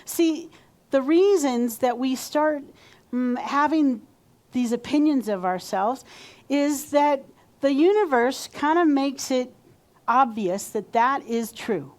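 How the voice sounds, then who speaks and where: Woman minister, fairly high voice, conversational sermon delivery. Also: slow, long pauses, darkish tone. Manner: conversational, acts out quoted self-talk.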